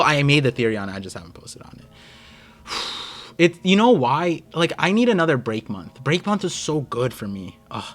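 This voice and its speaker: An excitable young man from the United States rambles through a casual live stream, talking straight to his chat. He jumps from thought to thought. Faint music plays behind him. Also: a little high. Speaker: streamer host.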